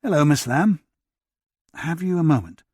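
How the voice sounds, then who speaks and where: A man's voice: on the high side, animated, normal speed, darkish tone, slightly rough, no echo, studio quality, pitched above the performer's own voice. A man reading a tired, courteous period doctor. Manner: hesitant, courteous. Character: tired, earnest widowed doctor in period England.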